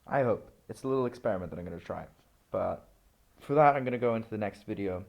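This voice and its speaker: A man's voice: lowish voice, expressive, quick pace, gravelly, dull audio. Rambling, chatty young man learner. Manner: rambling, self-correcting, chatty. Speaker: language learner vlogger. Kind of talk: casual screen-recorded study video.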